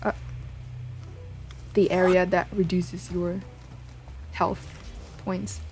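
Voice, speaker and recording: A woman's voice: fairly low pitch, little pitch movement, extremely slow, a little mellow, faint music behind. A woman streamer giving casual, hesitant commentary while playing a game, mumbling with many fillers.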